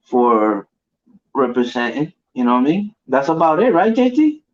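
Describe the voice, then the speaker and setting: Male podcast co-host, casual slangy chatter, mid-pitched, muffled recording. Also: moderate pace. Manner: loose and animated, heavy slang. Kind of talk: casual wrestling chat. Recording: dull lo-fi audio.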